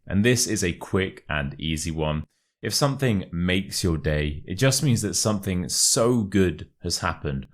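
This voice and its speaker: A young British man speaks in modern RP with a notably low, deep voice. He explains English expressions in an online lesson and slowly repeats phrases to model their pronunciation. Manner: clear, carefully modelled pronunciation, friendly explaining. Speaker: English teacher.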